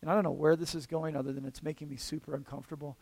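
High-voiced pastor preaching casually. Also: male voice, little pitch movement, racing, gravelly, darkish tone. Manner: casual, checks in with the room with frequent "okay?". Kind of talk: conversational sermon.

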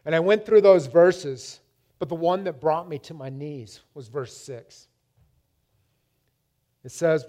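A man delivers a personal testimony as a sermon, emphatic and swinging between loud and hushed, often repeating his words. His pitch is fairly high, and he speaks unhurriedly with frequent pauses.

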